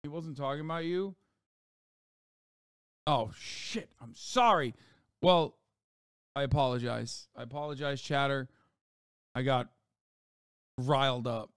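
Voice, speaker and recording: A man's voice: mid-range voice, slow pace, pauses often, a bit bright, clear, resonant tone, no echo, studio quality. A man livestreaming reaction commentary, ranting in a profane, sarcastic way.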